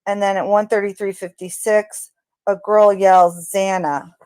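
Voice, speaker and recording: A woman's voice: mid-range voice, little pitch movement, a little slow, a little mellow, smooth, dry recording. A woman narrating her analysis of crime-scene audio, speaking tentatively with fillers and speculation. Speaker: true crime commentator.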